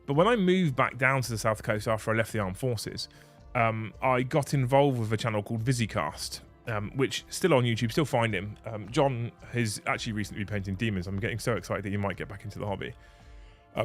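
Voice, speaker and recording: A man's voice: on the low side, a bit bright. A man in his thirties hosting a casual livestream from his home office, earnest and rambling, often restarting his sentences. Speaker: channel host.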